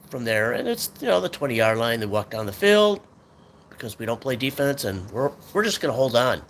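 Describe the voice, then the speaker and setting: A man's voice: mid-range voice, big pitch swings, moderate pace, fairly bright tone. A man hosting a sports talk show, venting in an angry, swearing rant about his team. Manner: frustrated, swearing, ranting fan.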